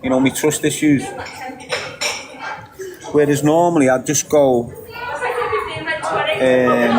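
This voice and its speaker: Slow and steady, with long pauses, a middle-aged Liverpool man speaks at medium pitch as he candidly fields viewer questions, cursing freely. A loud crowd fills the background of the low-quality recording.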